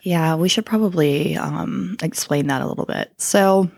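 A woman's voice: on the low side, normal speed, vocal fry, a little mellow, slightly rough. A woman co-hosting a casual podcast chat, telling stories with lots of filler words and frequent laughter. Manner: giggly storyteller, many "like" fillers. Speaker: podcast co-host.

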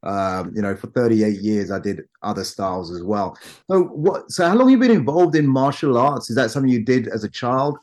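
A man hosts a business interview show, greeting his guest formally and drawing out key words for emphasis. His pitch sits in the ordinary male middle, and he asks questions in a measured, even way. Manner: formal welcoming intro with stretched emphasis. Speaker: podcast host and business coach. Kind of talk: interview hosting.

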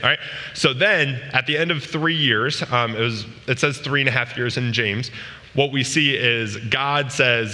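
A man's voice: medium pitch, normal speed, bright, forceful tone, big-room sound. A man giving a casual, joking sermon to a youth group. He often asks the room questions. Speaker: youth pastor. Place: large room with a live audience.

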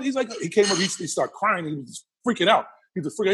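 A man being interviewed, telling a personal story with lively energy and acting out the other people's lines. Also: high-pitched, rapid-fire, hardly any pauses, slightly rough. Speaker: interview guest.

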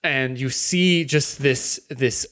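A man's voice: mid-range voice, takes it slowly, fairly bright tone. A man narrating as game master of a tabletop role-playing game, laughing often and slipping into voices for his figures.

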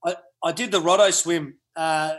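A man's voice: fairly high pitch, steady tone, moderate pace. A laid-back Australian man in his forties, a podcast guest telling a story with many ums and uhs. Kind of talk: casual podcast chat.

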